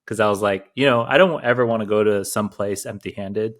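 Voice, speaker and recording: A young man in his twenties co-hosts a podcast, with a lowish voice. He tells stories loosely, packed with slang and casual swearing, and often breaks into laughter. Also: brisk. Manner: laid-back storyteller, heavy slang and swearing, frequent laughter. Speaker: podcast co-host. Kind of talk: casual chat.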